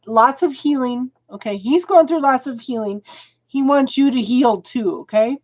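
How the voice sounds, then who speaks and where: A woman's voice: high-pitched, normal speed. A woman giving live tarot readings and chatting with viewers, calling them hon and getting emotional over the cards. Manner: chatty, warm-hearted, calls viewers hon. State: tearful, emotional. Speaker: tarot reader.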